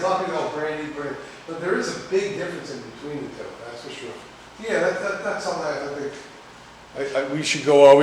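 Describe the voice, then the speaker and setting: A man teaching a class, rambling, repeating words and quizzing his students. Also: fairly high pitch. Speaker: cooking instructor. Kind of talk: classroom lecture. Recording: echoey room, distant mic, faint noise.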